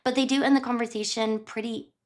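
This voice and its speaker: A woman's voice: fairly high pitch, steady tone, a little fast. A woman streamer casually recapping a book while tidying her kitchen, chatty and rambling, often correcting herself. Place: home kitchen.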